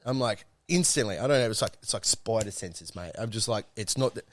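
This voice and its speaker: Young bloke telling a yarn. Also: male voice, fairly low pitch, animated, brisk. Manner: swearing, rambling anecdote with mates. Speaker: podcast co-host. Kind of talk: casual storytelling chat.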